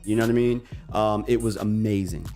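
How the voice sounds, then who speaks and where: A man co-hosting a radio talk show, telling a long personal story in a lively, animated way and acting out the other people's lines. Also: lowish voice, brisk, faint music behind.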